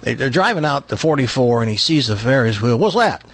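A man's voice: mid-range voice, fast talker, fairly bright tone. A man hosting a casual talk show, joking and telling a long story. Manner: jokey storyteller. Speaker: radio host. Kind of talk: casual talk radio banter.

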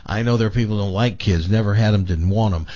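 A man's voice: fairly low pitch, fast, dark tone, no echo. An older man hosting a radio talk show, folksy and emphatic, giving advice in casual chat. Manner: folksy, emphatic, talks over others. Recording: dry, slightly dull radio studio audio.

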